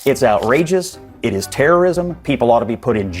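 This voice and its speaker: Man, TV panel debate, forceful, indignant, faint music behind. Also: mid-range voice, animated, a little fast. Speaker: TV panel guest.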